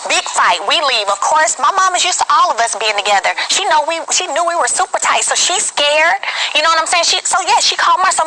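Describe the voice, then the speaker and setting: A woman on a reality show reunion telling her side of events, emphatic and animated. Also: sits high, quick pace, a little hiss or hum, low-quality recording. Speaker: reality show cast member.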